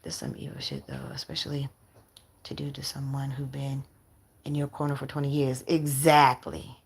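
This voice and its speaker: Livestream host, woman, low voice, blunt and profane, on the verge of tears. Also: normal speed, vocal fry, a little hiss or hum. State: close to crying. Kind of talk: emotional livestream chat with viewers.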